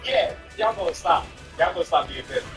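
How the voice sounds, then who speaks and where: Animated streamer, far off in a roomy space. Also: mid-range voice, a little fast. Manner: animated, repetitive, laughs often. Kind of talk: casual chat while gaming. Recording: roomy, distant, with game music.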